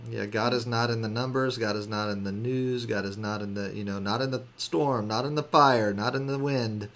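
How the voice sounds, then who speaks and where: A man's voice: fairly low pitch, steady tone, moderate pace, a bit bright. A man hosting a casual video call, speaking in an easygoing, affirming way. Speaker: host.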